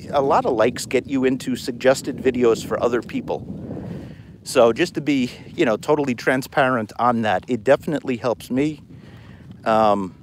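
A man with a New York accent hosting a live outdoor metal detecting vlog, talking excitably and rambling from thought to thought. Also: medium pitch, a little hiss or hum. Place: outdoors on a beach.

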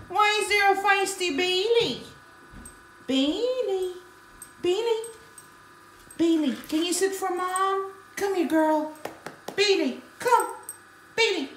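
Very high, coaxing dog owner. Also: female voice, animated, slow, long pauses, slight background noise. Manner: coaxing, sing-song baby talk to a pet. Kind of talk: casual home video. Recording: echoey room.

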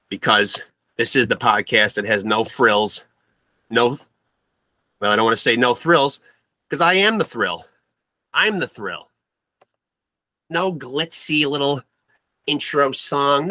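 A man hosts his podcast as a swaggering glam-rock showman, full of boastful patter. His voice is bright and forceful, and sits at an ordinary pitch for a man. It sounds close and dry, with no room around it. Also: dry recording. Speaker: podcast host. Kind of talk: comic interview in a glam-rocker persona.

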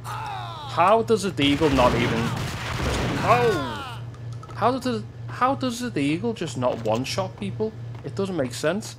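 Excitable gamer over gunfire. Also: male voice, sits high, measured pace, background noise. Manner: excitable, swearing, yelps and laughs at the action. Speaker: gameplay commentator. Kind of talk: let's-play commentary. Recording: game gunfire loud in the mix.

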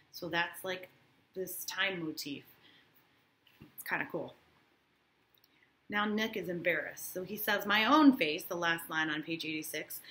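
A woman's voice: on the low side, pushed and bright. A woman teacher reading a novel aloud to her class and breaking off for casual asides, often checking in with "right?".

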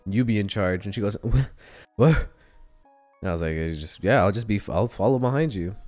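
A man's voice: fairly low pitch, a little fast, faint music behind. A young man from Texas, a podcast co-host telling a story in casual chat, acting out what people said and laughing often. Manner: animated storyteller, acts out quotes, laughs often.

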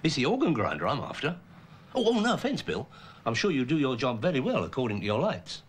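A pompous chancer, voice bouncing all over, middle-aged. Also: male voice, medium pitch, wildly swooping pitch, quick pace, a little hiss or hum. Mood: blustering. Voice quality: blustering, pompous, cheeky. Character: pushy middle-aged Englishman chasing funding. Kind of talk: TV comedy acting.

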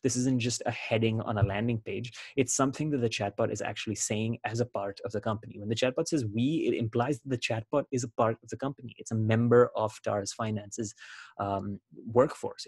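A man's voice: medium pitch, fairly even intonation, a little fast, a little mellow, husky, no room sound. A man presenting a webinar, walking through a screen share in a casual, explanatory way with frequent fillers and restarts.

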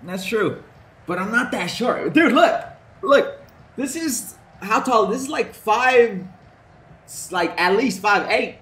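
Excitable young man yelling at a football game. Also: sits high, slow pace. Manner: excitable, swearing, joking, shouting at the game. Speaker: gaming streamer. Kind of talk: casual gameplay commentary.

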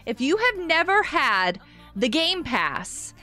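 A woman's voice: sits high, sing-song, takes it slowly, sharp tone, faint music behind. A woman chatting casually on a gaming live stream from a carpeted room at home, giggly and laughing often.

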